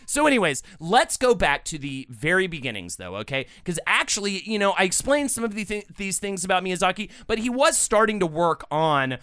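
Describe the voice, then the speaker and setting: Bright, clear-voiced male podcaster. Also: high-pitched, sing-song, brisk, few pauses, dry recording. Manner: rambling, hesitant, many restarts. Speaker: podcast co-host. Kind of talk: casual film discussion.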